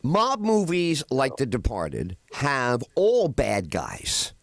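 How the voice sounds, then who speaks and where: A man hosting a radio talk show, telling film scenes with animated delivery. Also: mid-range voice, takes it slowly, vocal fry, no room sound. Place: radio studio.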